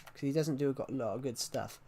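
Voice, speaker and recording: Male live streamer, mid-pitched, loose rambling delivery. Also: brisk, warm tone. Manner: rambling, repeats and restarts phrases. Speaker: game streamer. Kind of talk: casual live-stream chat.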